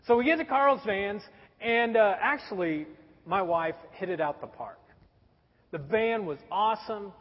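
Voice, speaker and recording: Guy pastor in his 40s, kinda high voice, joking story sermon, dull sound in a big echoey church hall. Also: lively intonation, a little slow. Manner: conversational, wry humor.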